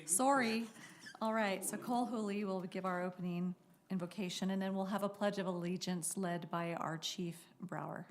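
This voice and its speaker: Low-voiced woman chairing a council meeting. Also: steady tone, moderate pace, a little mellow, slight background noise. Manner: chatty, apologetic, corrects herself as she goes. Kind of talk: meeting chair's casual introductions. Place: city council chamber.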